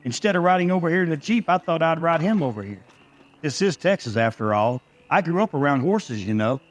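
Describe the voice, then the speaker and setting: A man's voice: on the high side, lively intonation, a little fast, voice pushed up, close to an everyday voice. A man voicing a smug, pushy army officer with a Brooklyn accent. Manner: smug, wheedling.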